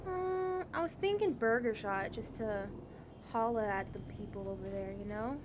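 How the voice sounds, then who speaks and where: A chatty woman with a fairly high voice, rambling cheerfully through game role-play. Her talk is loose and casual, full of quick back-and-forth. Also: noisy background. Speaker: streamer.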